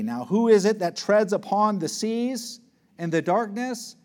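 A man preaching an expository sermon, reading scripture slowly and pressing his points with emphasis. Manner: emphatic, swings between loud peaks and low hushed words; reads scripture aloud slowly and deliberately.

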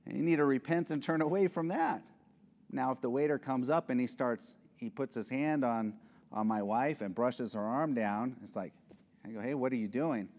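A man delivers an expository sermon in a church sanctuary, his voice carrying a long reverb through the hall. He is earnest, at an ordinary middle pitch, and sometimes acts out small scenes before pressing a point with emphasis. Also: moderate pace, darkish tone. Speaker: pastor.

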